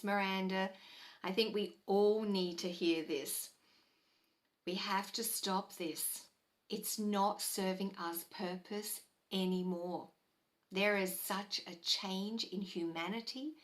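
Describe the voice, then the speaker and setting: A woman giving a live spiritual teaching talk in a slow, gentle, soothing way, sighing softly and repeating key phrases for emphasis. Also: mid-range voice.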